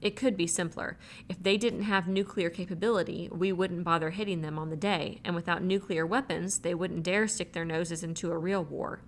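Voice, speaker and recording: A woman reading a novel aloud as an audiobook, in an even, measured way, voicing the characters' lines herself. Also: on the low side, a little hiss or hum. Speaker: audiobook reader. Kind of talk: audiobook narration.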